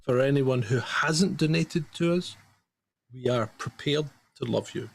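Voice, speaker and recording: Gravelly man chuckling along. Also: medium pitch, a little slow, a little hiss or hum. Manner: giggly, dry. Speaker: podcast co-host. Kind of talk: casual podcast banter.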